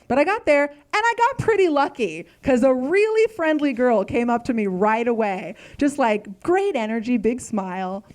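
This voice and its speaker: A woman's voice: a little high, very animated, moderate pace, hardly any pauses, darkish tone. Self-deprecating woman doing stand-up. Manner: self-deprecating, anxious overthinker. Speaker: stand-up comedian. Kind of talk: stand-up comedy set.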